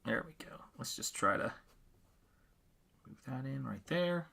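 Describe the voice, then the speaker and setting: A man's voice: medium pitch, expressive, measured pace, vocal fry, pushed and bright. A man hosting a live painting stream, chatting casually and rambling as he reads out viewer comments. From New England.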